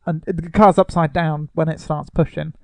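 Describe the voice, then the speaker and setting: A man's voice: on the high side, steady tone, normal speed, gravelly, darkish tone, no room sound. A man co-hosting a casual podcast, sarcastic and mock-indignant. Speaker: podcast co-host.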